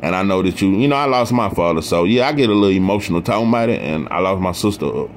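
A man's voice: on the low side, animated, fast talker, slight background noise. A man hosting his own boxing channel, giving passionate, emphatic casual commentary and repeating his points for emphasis.

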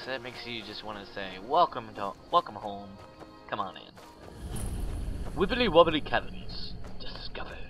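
A man's voice: lowish voice, pushed and bright, slight background noise. A man casually commenting on his own gameplay, joking and talking to himself. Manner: playful, jokey, talks to himself. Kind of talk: casual let's-play commentary.

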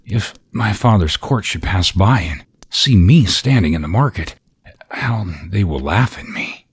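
A man voicing a proud, unhappy young princess in a soft, hushed, sighing way, as whispered role-play in a storybook reading. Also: fairly low pitch, lively intonation, measured pace, husky, voice pushed up, full character voice. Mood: lamenting.

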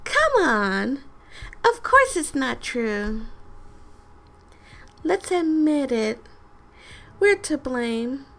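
Gal doing a pushy cheery game girl, high voice, a bit gravelly. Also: big pitch swings, extremely slow, long pauses, fairly bright tone, full character voice. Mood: coaxing.

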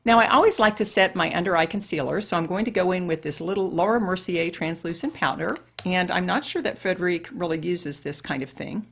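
Husky-voiced woman over fifty. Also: on the low side, brisk, hardly any pauses. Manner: chatty, talks straight to women viewers. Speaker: beauty vlogger. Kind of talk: casual makeup tutorial chat.

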